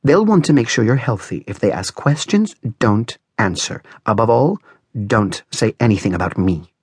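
A man's voice: on the low side, expressive, moderate pace, darkish tone, slightly rough, dry recording. A man doing a harsh, muttering woman servant. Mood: menacing. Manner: muttering, hissing threats. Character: harsh bitter female servant, threatening.

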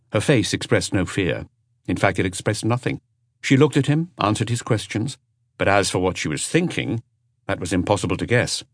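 A male narrator reading a novel aloud with expressive storytelling. His very deep voice moves a lot in pitch. The recording is dry and close to the mic. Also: normal speed, dry recording. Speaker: audiobook narrator. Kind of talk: scripted narration.

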